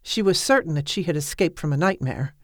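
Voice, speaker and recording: Brief: woman audiobook narrator, low even read, dead-dry studio sound. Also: dry recording. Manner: measured, even storytelling.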